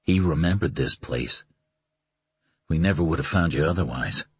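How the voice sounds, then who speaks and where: A man reading an audiobook, voicing a weary, protective man who speaks softly. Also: very deep voice, normal speed, breathy edge, dry recording, pitched below the performer's own voice, full character voice. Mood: subdued. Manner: soft-spoken. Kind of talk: audiobook character voice.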